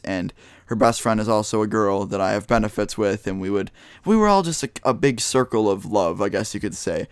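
Young male vlogger, lowish voice, dry close sound, loose rambling storytelling. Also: no room sound. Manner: casual, rambling, lots of "like" and "um". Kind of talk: storytime vlog.

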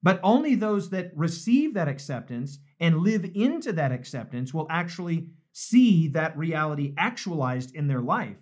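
A man's voice: a little high, sing-song, moderate pace, few pauses, a little mellow. A man, a pastor, talking earnestly and reflectively in a live devotional discussion, often repeating phrases for emphasis. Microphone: streamed live online.

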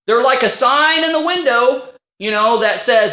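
Bright-voiced male minister preaching in echo. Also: very high-pitched, lively intonation, moderate pace, hardly any pauses. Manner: storytelling, acting out his own past dialogue. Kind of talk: sermon. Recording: roomy echo.

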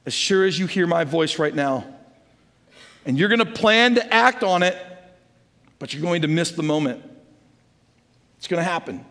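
A middle-aged man preaching a sermon as a pastor, earnest and exhorting, swinging between loud urging and hushed intensity. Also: a little high. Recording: long hall reverb.

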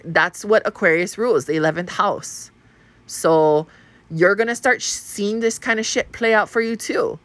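A woman's voice: lowish voice, a bit bright. A woman from Hawaii hosting a casual spiritual podcast monologue, chatty and profane, laughing often. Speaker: podcast host.

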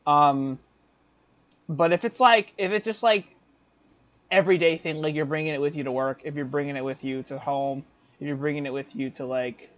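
A man's voice: on the high side, fairly even intonation, moderate pace, a bit bright, highs cut off. A young man in his twenties telling a story on a casual podcast, rambling with fillers and self-corrections and laughing often. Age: 20s. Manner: laughs often while talking. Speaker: podcast co-host.

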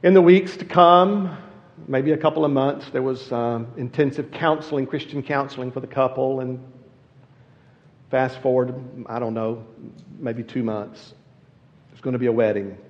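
A man's voice: medium pitch, fairly even intonation, moderate pace. Man preaching in an echoing church. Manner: storytelling that builds to loud emphatic peaks. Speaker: guest preacher. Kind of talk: sermon. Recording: long reverb, dull lo-fi sound.

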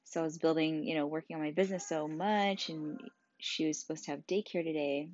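Tired young mom, low voice. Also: female voice, fairly even intonation, brisk, darkish tone, no room sound, muffled recording. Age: young adult. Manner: emotional, candid, frequent swearing and fillers. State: tired, quiet as child sleeps beside her. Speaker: mother vlogging about her sick child. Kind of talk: casual personal vlog.

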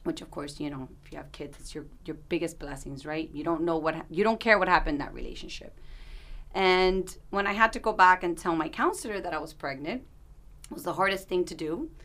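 A woman's voice: on the low side, brisk, a bit bright. A woman in her thirties, an interview guest, telling a personal story in an earnest, candid way, with restarts and asides.

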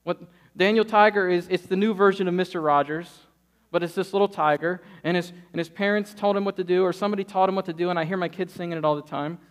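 A man in his thirties preaching a sermon, telling stories and acting out quotes with lively energy. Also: high-pitched, fast. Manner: lively storytelling, acts out quotes. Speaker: pastor.

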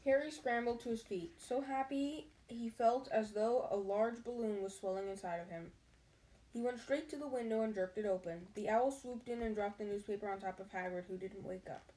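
A woman's voice: medium pitch, normal speed, warm tone, rough recording. A woman reading a children's novel aloud, stopping now and then to chat and answer questions. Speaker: reader.

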